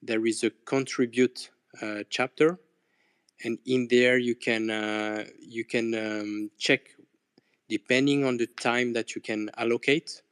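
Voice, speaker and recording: A man with a smooth, resonant voice speaks slowly and evenly, explaining step by step with many pauses and fillers. The sound is dry. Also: medium pitch, fairly even intonation, a bit bright, no room sound. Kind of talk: casual audio chat room talk.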